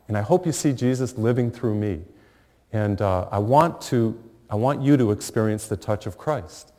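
A middle-aged man preaching a sermon, telling a funny family story with lively pauses and warmth of humor. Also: on the low side. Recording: long hall reverb.

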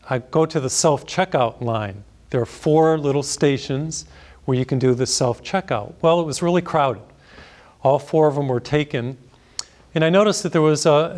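A man's voice: mid-range voice, a little mellow. A middle-aged male priest preaching a sermon as a conversational story, chuckling now and then.

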